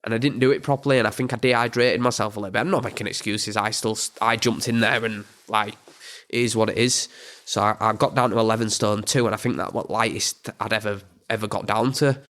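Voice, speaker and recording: A young man with a Yorkshire accent, a boxer chatting in an interview, halting and repeating his words. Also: lowish voice, fairly even intonation, a bit bright. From England. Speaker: boxer guest. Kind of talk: casual interview chat.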